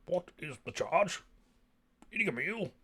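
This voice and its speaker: A man imitating a melodramatic performer resisting arrest, declaiming in a booming, over-dramatic way. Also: very animated, a little slow, a bit bright, husky, heavily acted. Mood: theatrical.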